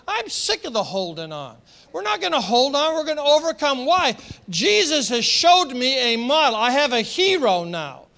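A man's voice: very high-pitched, very animated, moderate pace, gravelly, sharp tone. A middle-aged man preaching a sermon as pastor, passionate and emphatic, repeating phrases for force.

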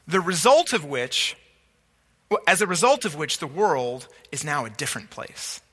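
A man's voice: a little high, lively intonation, normal speed, pushed and bright, breathy edge, big-room sound. A man preaching a sermon, teaching emphatically and asking rhetorical questions.

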